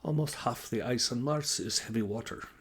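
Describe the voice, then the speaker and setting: In a lowish voice with a breathy edge, a man plays a Northern European woman scientist who is patient, gentle, and matter-of-fact, her phrasing a little odd. The pace is moderate.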